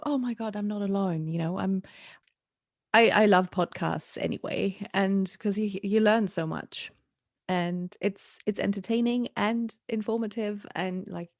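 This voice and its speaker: A woman's voice: mid-range voice, fairly even intonation, moderate pace, creaky, no echo, clean studio sound. A woman hosting a podcast, chatty and upbeat, who laughs often while talking. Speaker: podcast host. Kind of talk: casual podcast chat.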